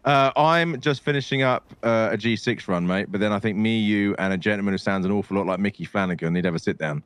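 A man's voice: on the low side, fast, clean tone, dry recording. A man chatting casually in a role-play game, laid-back and full of "you know what I mean". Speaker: fellow role-play player.

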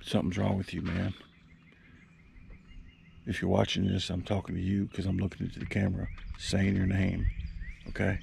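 A man's voice: sits low, completely flat delivery, moderate pace, gravelly, pauses often, darkish tone, a little hiss or hum. A man rambling and joking to his camera while fishing from a small boat on a lake. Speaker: vlogger. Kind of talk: casual fishing vlog chat. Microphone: action camera.

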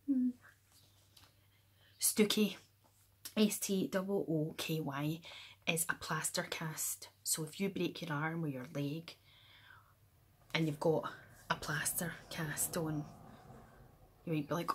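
Scottish woman, Glasgow-area accent, low and husky. Playful, soft-spoken slang explainer who drifts into whispers. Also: fairly even intonation. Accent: West of Scotland (Glasgow area). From Scotland, near Glasgow. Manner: soft-spoken, slips into whispers, playful, spells words out slowly. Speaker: YouTuber. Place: room at home with the window open.

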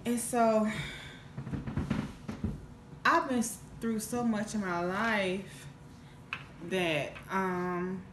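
A woman's voice: mid-range voice, steady tone, drawn-out words, long pauses, reverberant, noisy background. A woman vlogger telling a casual storytime, rambling and earnest with lots of restarts. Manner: rambling, with many restarts and fillers; emotional, earnest. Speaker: mukbang vlogger.

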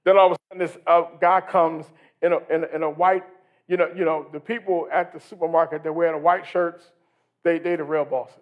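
A male pastor preaching a sermon in a church service, animated and building to shouts, asking the congregation questions. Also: fairly high pitch, a little fast, narrow, tinny audio. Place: church sanctuary during a worship service.

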